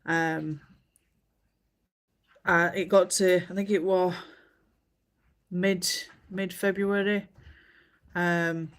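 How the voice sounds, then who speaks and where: A woman's voice: on the low side, level tone, extremely slow, long pauses. A woman, chatting casually on a livestream and telling stories with many fillers. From England. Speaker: livestream host. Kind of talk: casual chat while colouring.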